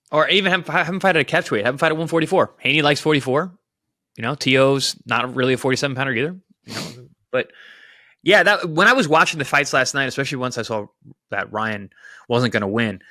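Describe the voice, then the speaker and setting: A former boxer talking fights in a relaxed podcast chat. His voice is bright and forward, and it leaps up in pitch when he gets worked up. The sound is dry and close to the mic. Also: no room sound. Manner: animated, voice jumps up when excited. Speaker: boxing analyst, former pro boxer.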